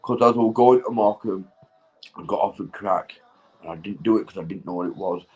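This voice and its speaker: A Northern English man in his forties, high and rambling as he chats to his stream viewers, swearing and laughing at himself. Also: a little fast, lo-fi sound. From England. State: intoxicated. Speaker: livestreamer. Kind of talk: rambling casual chat to viewers.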